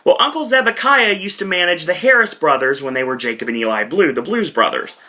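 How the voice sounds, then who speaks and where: Man, casual recap monologue, chatty asides, fairly high bright voice. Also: a little fast. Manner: chatty, animated, with asides to viewers. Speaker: podcast reviewer.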